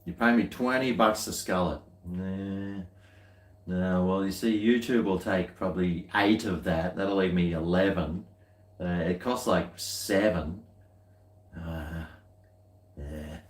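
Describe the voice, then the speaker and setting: A slow-talking Australian man with a lowish voice, chatting casually as he tastes beer. His talk rambles, dry and full of half-muttered asides. The sound bounces around an echoey room. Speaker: beer-tasting vlogger. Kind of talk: casual chat while tasting beer.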